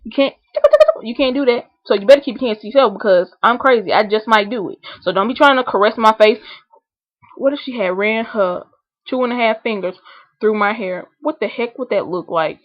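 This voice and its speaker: A woman vlogging a comedic rant, animated and indignant. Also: on the high side, fairly quick, no echo, dull audio. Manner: animated, indignant, acts out scenarios in voices.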